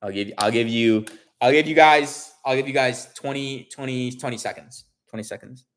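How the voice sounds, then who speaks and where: A man in his forties chatting casually to his livestream viewers, rambling, restarting often and telling an animated story. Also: medium pitch, moderate pace. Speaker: livestream host.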